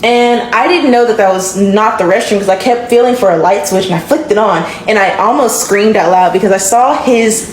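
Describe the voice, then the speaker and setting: Animated young woman telling a story. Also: medium pitch, fairly quick, hardly any pauses, a little hiss or hum. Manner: animated, swings into character voices. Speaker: storyteller in a short clip. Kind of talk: casual storytelling.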